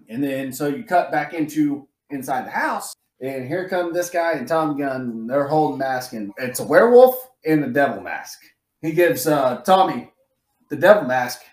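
A slightly high-voiced man co-hosts a podcast at a moderate pace, chatting loosely and profanely. He's an animated storyteller who performs quotes in a raised voice, heard in a roomy space.

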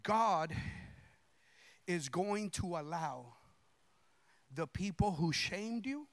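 Fervent high-voiced gravelly pastor. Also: male voice, expressive, very slow, dry recording. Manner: fervent, swings from hushed talk to shouted declarations; casual colloquial preaching. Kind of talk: preaching a sermon.

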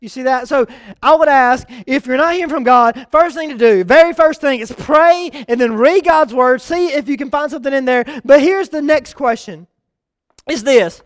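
A young man preaching a sermon, telling a story and moving between loud calls and soft, confiding asides. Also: very high-pitched, normal speed, dry recording.

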